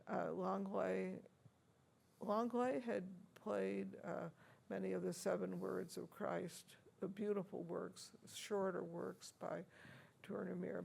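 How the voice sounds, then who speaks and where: A woman's voice: on the low side, a little mellow. An older woman, an organist, recalling past encounters in a chatty interview, laughing often between stories. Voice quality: gravelly, husky. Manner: chatty, anecdotal, laughs often, many fillers. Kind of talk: reminiscing interview. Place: university room.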